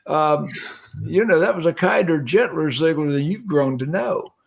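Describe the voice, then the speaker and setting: A man's voice: fairly high pitch, moderate pace, creaky. An older man hosting an interview, asking blunt, probing questions and often restarting his sentences. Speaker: host. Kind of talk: casual interview talk.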